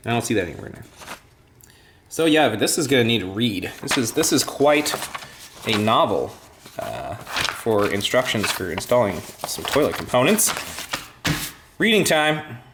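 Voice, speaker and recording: A man's voice: medium pitch, a bit bright, slight background noise. A young man vlogging at home, chatting in a rambling way with self-mocking asides. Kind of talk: casual home vlog. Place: inside a home.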